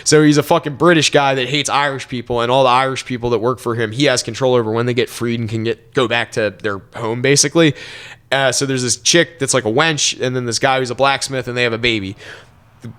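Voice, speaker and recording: A man's voice: medium pitch, fairly even intonation, fast, a bit bright, smooth. A young man co-hosting a podcast, telling loose, profane stories with lots of fillers in casual chat. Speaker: podcast co-host.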